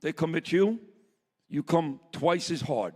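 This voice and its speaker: A man's voice: on the high side, animated, unhurried, a little mellow. A man giving a blunt, impassioned speech to a live summit audience. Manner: blunt, fired-up, plainspoken. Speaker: summit speaker. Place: conference hall with audience. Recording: long reverb of a large hall.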